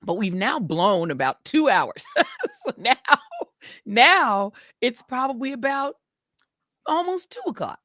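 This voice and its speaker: Animated woman telling a story. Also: a little high, slow pace, long pauses, no echo, studio quality. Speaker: podcast co-host. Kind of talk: casual storytelling chat.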